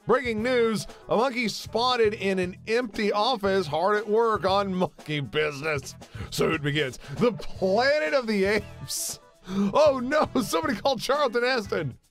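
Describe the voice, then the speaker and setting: A young man casually riffing on memes in a jokey, animated way. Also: high-pitched, measured pace, faint music behind. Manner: jokey, animated, slips into silly voices. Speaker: meme commentary host. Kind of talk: casual meme commentary.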